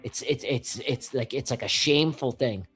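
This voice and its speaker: A man's voice: mid-range voice, normal speed, fairly bright tone, husky, soft background music. Guy host on a trading stream, blunt and sweary, pushes hard on his point, mid-range voice. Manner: emphatic, blunt, profane advice. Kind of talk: casual live-stream chat.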